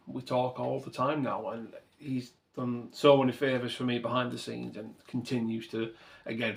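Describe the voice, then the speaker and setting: A man with a mid-range voice and some vocal fry hosts his own model railway channel. In this reflective vlog talk to camera he speaks earnestly and gratefully, rambling and often correcting himself mid-sentence.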